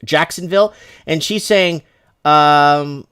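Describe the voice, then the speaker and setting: A man from Canada hosting a loose livestream, his voice sitting a little high for a man. He rambles, restarts sentences and reads viewer emails aloud. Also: slow pace, a bit bright, clear, resonant tone. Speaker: host. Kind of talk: casual livestream commentary.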